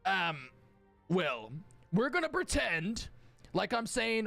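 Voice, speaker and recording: A young man with a hoarse, worn-out voice talks through a live game stream, swearing freely and joking at his own expense. His pitch sits high and swings widely, though he often drawls slowly. Faint music plays beneath him. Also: sing-song, pushed and bright, no room sound. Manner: profane, joking, self-mocking. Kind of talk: casual live gaming stream chat.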